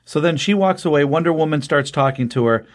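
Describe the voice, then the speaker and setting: A man's voice: on the high side, brisk. A man casually retelling a comic book story, rambling with many ums and restarts and briefly acting out the characters' lines. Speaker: podcast host recapping a comic. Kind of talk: casual spoken recap.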